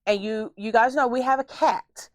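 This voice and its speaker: A woman's voice: a little high, normal speed, no room sound. A woman hosting a podcast, telling stories in a casual, theatrical way. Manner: animated, theatrical storyteller. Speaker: podcast host. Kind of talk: casual storytelling chat.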